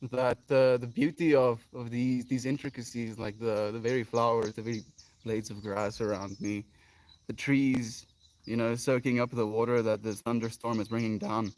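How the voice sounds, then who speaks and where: A man with a medium-pitched, darkish voice speaks at a moderate pace in a steady tone. Hosting his daily livestream, he's emotional and near tears, effusively thanking viewers amid frequent sighs and laughter.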